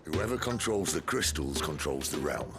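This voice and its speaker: An actor playing a cynical middle-aged male rebel leader with a deep, gravelly voice and a wry, world-weary manner. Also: animated, moderate pace. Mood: bitter. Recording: game audio with music behind.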